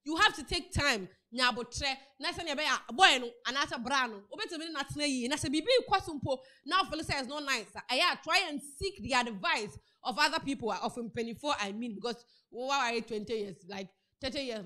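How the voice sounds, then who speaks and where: A woman with a Ghanaian accent giving casual, chatty celebrity news commentary, retelling a story with lots of repetition. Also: sits high. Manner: chatty, animated storytelling with repeated words. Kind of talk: casual news commentary mixing Twi and English.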